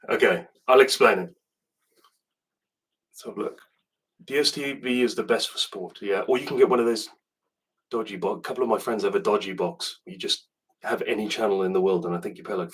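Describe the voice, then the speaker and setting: A man's voice: medium pitch, fairly bright tone, slightly rough, recorded from a distance. Chatty man with a southern English accent. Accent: British, southern English. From South Africa. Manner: chatty and rambling, with asides and restarts. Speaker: rugby video host answering viewer questions. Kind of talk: casual chat to camera.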